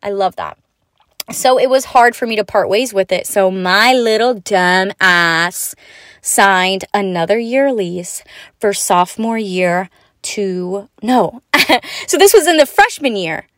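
A woman's voice: medium pitch, moderate pace, no room sound, studio quality. Chatty, self-mocking young woman podcaster. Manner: chatty, swearing, self-mocking, lively asides. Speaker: podcast host. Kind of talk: unscripted storytelling monologue.

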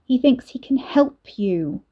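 A woman's voice: high voice, expressive, takes it slowly, highs cut off, pitched above the performer's own voice, exaggerated voice. A woman voicing a giggly, taunting teenage girl bully who mocks and snaps. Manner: giggling, mocking, snappish.

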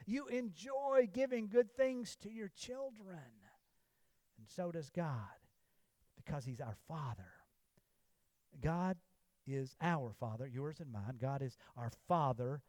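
A man preaching a sermon in a church, with emphatic declarations that drop to low, hushed phrases. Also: measured pace, dry recording. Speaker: pastor.

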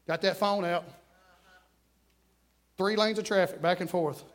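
High-voiced preacher swinging loud to hushed. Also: male voice, fairly even intonation, unhurried. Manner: dynamic, swings between shouting and hushed asides. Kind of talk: sermon. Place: church sanctuary.

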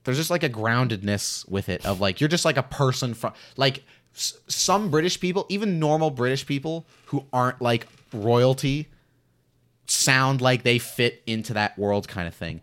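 A man's voice: mid-range voice, lively intonation, normal speed, a bit bright. A man co-hosting a podcast, rambling in casual chat and leaning heavily on "like" as he gropes for words. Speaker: podcast co-host.

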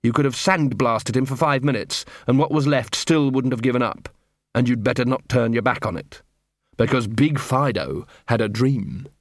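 A man narrating an audiobook in an expressive, wry storytelling manner. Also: medium pitch, moderate pace, dry recording, studio quality. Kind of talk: scripted narration.

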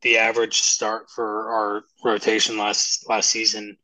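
A man co-hosting a sports podcast, giving measured opinions in casual chat. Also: fairly low pitch, completely flat delivery, bright, forceful tone, no room sound, low-quality recording. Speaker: podcast co-host.

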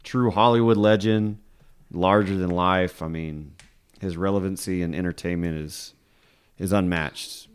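A man's voice: low-pitched, fairly even intonation, a little slow, clear, resonant tone. A man hosting a podcast in casual chat, laid-back and trailing off mid-sentence. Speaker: podcast host.

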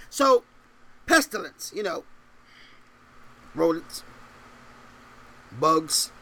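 This man's voice sits high, and he preaches unhurriedly with long pauses. The pastor reads scripture in old-style English before animatedly firing rhetorical questions in casual slang, with laughter between his points.

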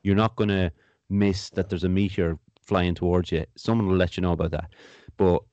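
A man in casual podcast chat, speaking in a reflective, measured way and repeating words as he thinks things through. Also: sits low, fairly even intonation, warm tone, dull audio, slight background noise.

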